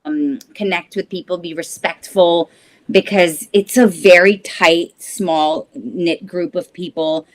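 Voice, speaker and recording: A woman's voice: fairly low pitch, steady tone, takes it slowly. A woman actress speaking as a guest in an interview, earnest and thoughtful, often adding "you know" as she reflects.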